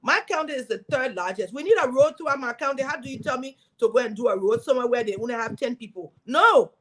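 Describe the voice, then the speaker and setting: A middle-aged woman from Liberia speaking, a guest in an interview telling her story as a former senator with lively, preaching energy. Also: on the high side, fast talker, poor audio. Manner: animated, preaching storytelling with acted quotes.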